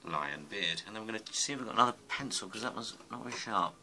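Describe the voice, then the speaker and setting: A man's voice: lowish voice, lively intonation, fast, pushed and bright, low-quality recording. A man giving a casual drawing tutorial, muttering and rambling to himself as he sketches. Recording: music playing underneath. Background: music.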